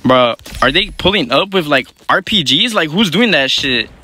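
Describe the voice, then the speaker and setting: A young man giving live gameplay commentary in quick, slangy, profane banter as a gaming YouTuber. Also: on the high side, expressive, sharp tone, slight background noise.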